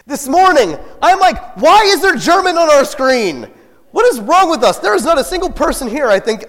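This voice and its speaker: With a fairly high, slightly bright voice, a pastor gives a relaxed, conversational sermon peppered with joking asides and laughter. A long reverb tail follows him through the church sanctuary.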